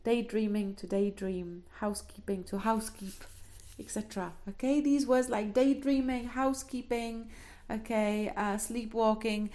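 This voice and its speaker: A woman's voice: fairly high pitch, fairly even intonation, a little slow, warm tone. A woman giving a classroom lecture, explaining step by step with many fillers and a frequent checking "okay?". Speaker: linguistics lecturer.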